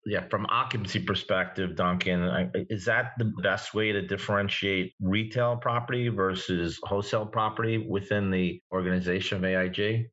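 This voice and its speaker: A man interviewing a guest, asking a measured and slightly halting question. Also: on the low side, steady tone, fairly bright tone, highs cut off.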